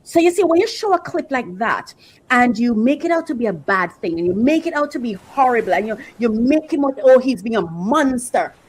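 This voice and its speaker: A woman's voice: fairly high pitch, very animated, fairly quick, a little hiss or hum, rough recording. A woman hosting a podcast, giving emphatic, opinionated commentary, repeating phrases for rhythm and dropping affectionate asides. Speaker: podcast host.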